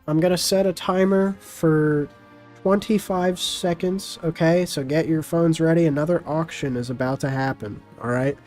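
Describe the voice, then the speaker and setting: A man's voice: fairly high pitch, fairly even intonation, darkish tone, soft background music. Young-sounding man streaming with his chat. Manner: talks straight to viewers, rapid auctioneer patter when calling bids. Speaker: streamer hosting a game with chat. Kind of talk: casual live-stream chat.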